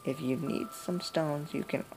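A woman's voice: low-pitched, unhurried, a little mellow. A woman voicing a folksy, grieving old grandmother from a video game, reading the dialogue in a drawling way. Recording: noisy home recording.

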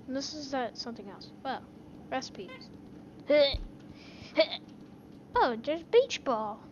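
A woman giving casual gameplay commentary on a headset, excitable and given to sudden shouts. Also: high voice, slow, long pauses, highs cut off, slight background noise. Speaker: gaming video creator. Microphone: gaming headset.

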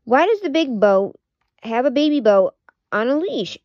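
A woman voicing a sweet, eager little girl lamb with a high, earnest manner. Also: sing-song, moderate pace, no echo, dull audio. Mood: curious.

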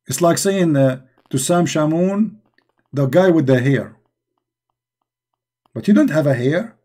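Man, online debate host, mocking and emphatic, repeats his points, fairly high voice, mellow tone, non-native English phrasing. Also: lively intonation, unhurried. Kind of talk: live online discussion.

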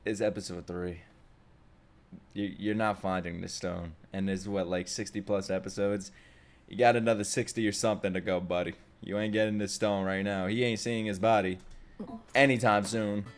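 A man hosting an anime reaction, excitable, laughing often and swearing freely in casual commentary. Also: on the low side, normal speed.

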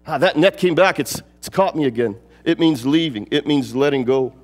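A man preaching a sermon in a church, emphatic and fond of repeating phrases, his voice swinging between lifting up and dropping low. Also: animated, fairly quick, long reverb tail, soft background music. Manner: emphatic, repeats phrases, rises and falls in pitch. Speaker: pastor. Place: church sanctuary.

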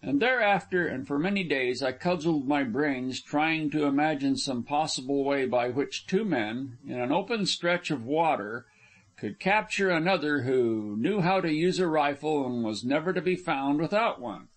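A man narrating an adventure audiobook in an even, measured reading. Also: fairly high pitch. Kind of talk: scripted narration.

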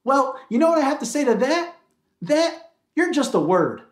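A man hosting a comedy video, giving a scripted monologue with a mock-salesman, deadpan delivery. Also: very high-pitched, normal speed, reverberant.

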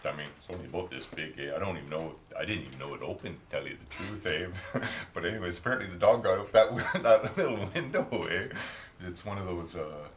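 Painting at home, this middle-aged Canadian hobby painter and video maker tells a rambling, chatty tale in his Canadian accent, tagging lines with "eh." His low voice is animated and quick, over a slight hiss or hum.

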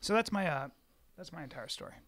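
A man's voice: on the high side, lively intonation, fast, fairly bright tone. A man in his forties, a comedian co-hosting a podcast, telling a rambling, profane story in casual chat. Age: 40s. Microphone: studio mic.

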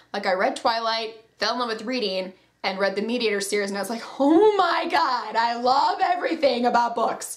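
A young woman chatting casually as a book vlogger, gushing and self-deprecating, with a lot of "like". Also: mid-range voice. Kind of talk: casual chat.

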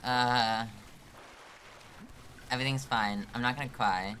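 Commentary comes from a live streamer stuck on a tough climbing game, self-mocking and fed up, joking he's close to tears. His medium-pitched voice is steady yet sharp and slow-paced, over a faint hiss or hum.

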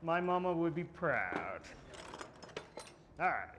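A man with a fairly high voice gives a live blacksmithing demonstration. He tells jokes and rambles along, with plenty of ums and restarts, while faint shop noise hums in the background. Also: big pitch swings, slow pace, muffled recording. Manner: joking, rambling, many fillers. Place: smithing conference demo area.

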